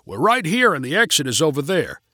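A man's voice: a little high, sing-song, brisk, bright, forceful tone, no room sound, clean studio sound, exaggerated voice. A man voicing a confident, easygoing older man.

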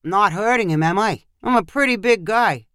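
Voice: mid-range voice, lively intonation, normal speed, fairly bright tone, clean tone, no echo, clean studio sound, natural voice. A storyteller voicing a large, nervous male tourist from Boston on his first horse ride. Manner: anxious, questioning.

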